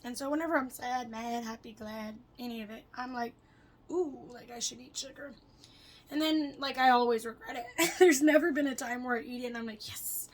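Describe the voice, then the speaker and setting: A young woman chatting casually to her camera, rambling and swearing, her voice swinging between loud and soft as she jumps between topics. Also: fairly high pitch, a little fast, few pauses, low-quality recording. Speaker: vlogger.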